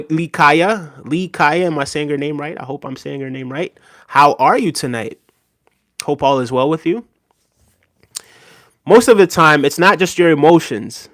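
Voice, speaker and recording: A slightly high-voiced man runs a live stream, earnestly answering chat messages he reads aloud, often closing with "right?" and thanking people by name. The casual commentary is captured at studio quality with no room sound.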